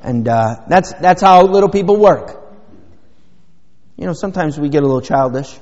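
A man's voice: fairly high pitch, animated, normal speed, a little mellow. A middle-aged man preaching a sermon as a pastor, in a rambling, folksy way with many fillers. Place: church sanctuary. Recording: dull sound with long hall reverb.

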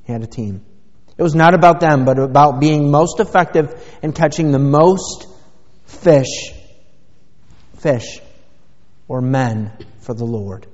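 A man's voice: mid-range voice, takes it slowly, darkish tone. A man pastor preaching a sermon, emphatic and driving his points home with rhetorical questions. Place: church sanctuary. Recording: dull lo-fi sound with long church reverb.

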